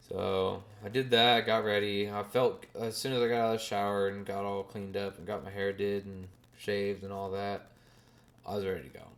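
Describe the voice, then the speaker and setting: A man in his twenties, a podcast host telling a story in a casual, animated way, swearing and using slang freely. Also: lowish voice, a little fast.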